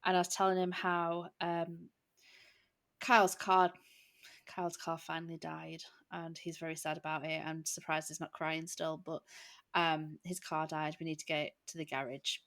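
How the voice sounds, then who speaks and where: A woman in her late thirties co-hosts a relaxed podcast and tells everyday stories in a chatty way. Her voice sits slightly low. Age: 30s. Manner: chatty storytelling, quick laughs. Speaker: podcast co-host. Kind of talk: casual chat.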